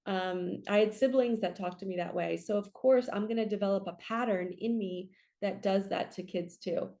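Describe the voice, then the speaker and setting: Earnest chatty woman spiritual coach. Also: mid-range voice. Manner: earnest, chatty, frequent "right?" check-ins; animated storytelling with acted quotes. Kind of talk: spiritual reading monologue.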